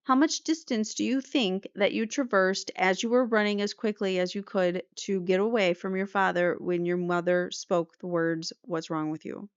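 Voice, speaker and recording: A woman's voice: medium pitch, steady tone, normal speed, hardly any pauses, smooth, no room sound, close to an everyday voice. A woman voicing a courtroom prosecutor who cross-examines with pressing, repetitive questions. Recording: slightly muffled dry recording.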